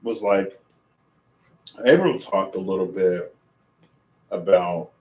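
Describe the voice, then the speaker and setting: A man's voice: deep voice, slow pace. Rambling man chatting in an echoey kitchen. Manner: rambling, self-amused, talks with mouth full. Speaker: streamer. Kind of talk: casual livestream chat while cooking and eating.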